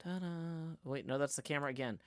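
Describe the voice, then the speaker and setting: A man who sounds to be in his forties hosts a live stream, chatting casually while building, rambling along with plenty of fillers and easy laughter. His voice is on the high side, brisk and smooth, and the recording is dry.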